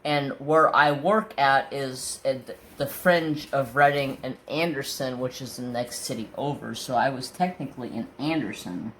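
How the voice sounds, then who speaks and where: A man hosting a crafting channel, telling a story in casual chat, animated, swearing freely and often repeating and restarting his words. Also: medium pitch, unhurried, hardly any pauses, reverberant, a little hiss or hum. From Northern California.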